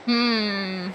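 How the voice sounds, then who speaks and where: A woman's voice: high-pitched, noisy background. Giggly young woman playing a game. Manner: giggly, swears, voices game characters badly on purpose. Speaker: gaming streamer. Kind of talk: casual let's-play commentary, reading dialogue aloud.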